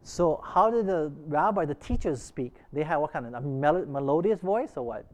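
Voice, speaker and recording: A man's voice: a little high, lively intonation, moderate pace, darkish tone. A man leading an interactive Bible class who keeps quizzing his listeners and restarts his sentences often. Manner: asks the class questions, frequent restarts. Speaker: Bible study teacher.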